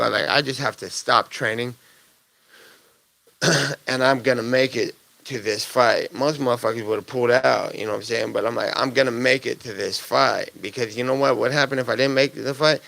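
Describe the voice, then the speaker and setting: A man's voice: mid-range voice, gravelly, a bit bright, no room sound. A man, a fighter, answering press conference questions in a blunt, profane, rambling way.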